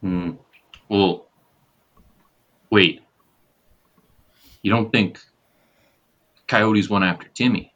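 A man voicing Buddy, a large sturdy male pit bull mix dog who speaks haltingly and earnestly. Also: lowish voice, fairly even intonation, fairly bright tone, highs cut off, full character voice. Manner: halting, stammering.

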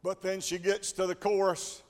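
A male preacher delivering a rhythmic call-and-response sermon that builds into shouts. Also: high-pitched, little pitch movement, normal speed. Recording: long church hall reverb with faint congregation.

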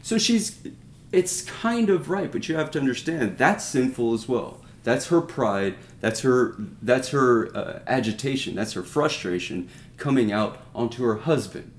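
A man's voice: mid-range voice, expressive, a little slow, a little hiss or hum. A man giving a conversational Bible teaching in an earnest, explanatory way, often circling back and asking his listeners to notice a point. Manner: earnest, explanatory, with frequent restarts and rhetorical asides. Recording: roomy echo.

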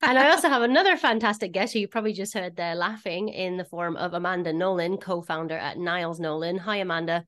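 A woman's voice: lowish voice, fast talker, few pauses, a bit bright. A woman hosting a podcast in a casual, chatty way, with informal slangy asides. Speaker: podcast host.

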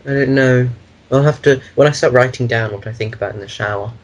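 A man's voice: medium pitch, fast, poor audio. A man co-hosting a casual podcast chat, rambling through meandering explanations of his own ideas. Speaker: podcast co-host.

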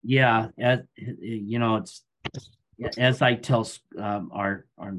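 A middle-aged man from Iowa, the guest on an interview show, talks in a somewhat low voice. He tells his stories calmly and without hurry, often pausing on an um. The tone is relaxed and conversational. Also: slight background noise. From Iowa, USA. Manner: calm, unhurried storytelling with frequent ums. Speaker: guest, grain business owner. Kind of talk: casual interview chat.

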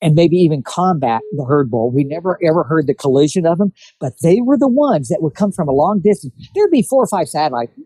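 This guest's voice is a little high and husky, and he talks fairly quickly with hardly any pauses. Chatting casually, he tells a hunting story and animatedly acts out quotes, on a rough recording without echo.

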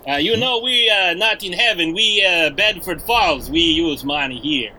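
A man doing a halting, despairing George. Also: high voice, bright, forceful tone, slight background noise, pitched below the performer's own voice, heavily acted, poor audio. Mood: deadpan. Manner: halting, full of uh's, crude jokes. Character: gloomy, crude, despairing man named George. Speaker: player. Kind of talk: improvised comedy parody reading.

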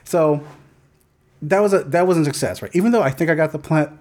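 A man co-hosting a podcast, telling a casual story in an animated, profane way and breaking into mock yelling. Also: on the high side, a little fast. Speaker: podcast co-host.

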